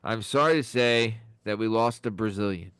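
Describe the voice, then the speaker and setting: A man's voice: fairly low pitch, normal speed, a bit bright, smooth, no room sound, clean studio sound. A man co-hosting a podcast, telling long jokes in casual chat and often laughing at his own lines. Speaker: podcast co-host.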